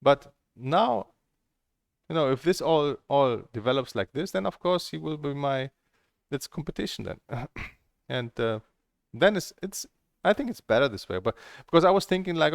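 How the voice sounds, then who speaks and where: A middle-aged man with a gravelly, rough edge to his voice talks through his stories and plans in a loose, candid ramble. He swears freely and speaks as a table tennis coach addressing his viewers. The sound is close and dry, with no room around it. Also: a little high, expressive, moderate pace, no echo. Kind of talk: casual rambling monologue.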